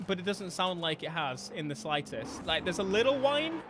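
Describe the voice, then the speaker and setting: A young man, giving animated, jokey live gameplay commentary as a streamer, with sudden bursts of mock outrage. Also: sits high, moderate pace, background noise. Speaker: gaming streamer.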